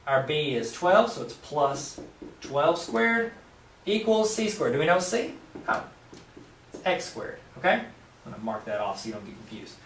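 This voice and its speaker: In a whiteboard room, a male math teacher explains each step plainly with a fairly high, lively, up-and-down voice. He cracks playful jokes to the viewer throughout, and the roomy recording is picked up from a distance.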